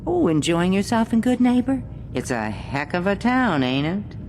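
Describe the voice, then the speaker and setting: A woman's voice: medium pitch, sing-song, normal speed, darkish tone, a little hiss or hum. An actress playing a world-weary woman who runs a lounge in a game, speaking with a familiar drawl. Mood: languid. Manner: drawling, familiar, calls people honey. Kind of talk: game character dialogue.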